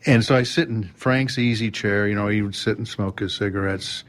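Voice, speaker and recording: A man as a podcast guest, telling a story with lively restarts and acting out voices and sounds. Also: on the low side, moderate pace. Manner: animated, acts out quotes and sounds, many restarts. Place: drum showroom.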